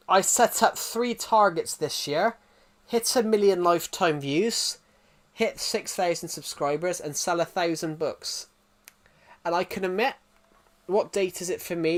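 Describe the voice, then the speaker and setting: A man in his twenties chatting casually on a live game stream, rambling with frequent restarts and repeats. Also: on the high side. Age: 20s.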